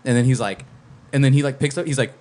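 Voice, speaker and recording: A man's voice: mid-range voice, quick pace. A young man telling a story on a podcast, swearing freely and acting out what people said. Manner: profane, animated storyteller acting out quotes. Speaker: podcast co-host. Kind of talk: casual storytelling. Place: podcast studio.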